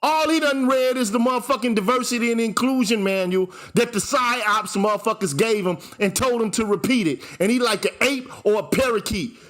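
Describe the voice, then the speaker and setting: A man's voice: very high-pitched, a little fast, few pauses, fairly bright tone. A man hosting his own channel, delivering a fiery, profane commentary rant that hammers the same point with repetition. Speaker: channel host. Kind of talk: ranting commentary vlog.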